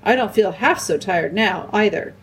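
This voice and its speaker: A woman voicing an earnest boy high king who speaks in a brisk, encouraging way. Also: a little hiss or hum, close to an everyday voice, rough recording.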